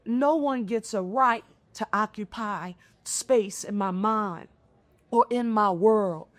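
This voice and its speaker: A middle-aged woman from Philadelphia, a mayor speaking as a panel guest, telling stories in an animated, expressive way with lively intonation. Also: medium pitch, slow, no echo. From Philadelphia, United States. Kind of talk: conversational panel discussion.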